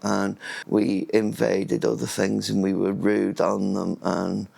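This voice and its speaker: A man's voice: on the low side, monotone, takes it slowly, darkish tone. A man vlogging in a casual, rambling monologue, often losing his thread and restarting words. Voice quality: gravelly and husky.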